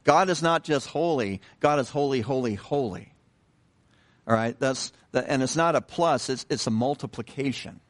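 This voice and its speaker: Speaking in a mid-range voice, a man delivers a sermon at an easy pace, asking his listeners questions as he goes. He repeats himself often, pausing on fillers and starting sentences over, in a conversational pastor's manner.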